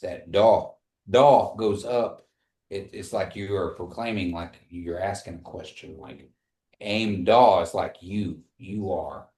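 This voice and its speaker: Guy teaching a language class, super slow and patient, repeats stuff, echoey classroom. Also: low voice, a little mellow.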